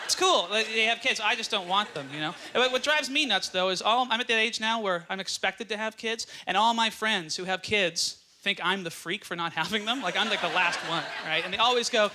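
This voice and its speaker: A man's voice: sits high, a little fast, hardly any pauses, background noise. A man doing a stand-up comedy set on a club stage, riffing sardonically and leaning on fillers like "you know". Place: comedy club stage before a live audience. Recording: live room with loud audience laughter.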